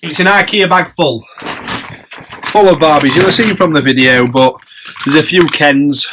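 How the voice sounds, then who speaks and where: A man from England with a somewhat high voice chats casually on his reseller vlog at a normal pace, upbeat as he tallies prices and profit. There's noise in the background.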